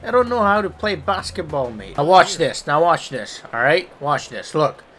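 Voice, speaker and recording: A young man giving excitable gameplay commentary, swearing and taunting the players on screen. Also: a little high, normal speed, soft background music. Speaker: gaming YouTuber.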